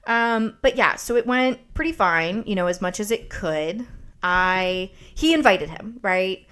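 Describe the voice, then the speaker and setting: A woman hosts a podcast, spinning a story in loose, casual chat. She is sarcastic and swears freely, with lively delivery. Her voice sits at an ordinary middle pitch. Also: unhurried, smooth. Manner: animated, profane, sarcastic storytelling. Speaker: podcast host.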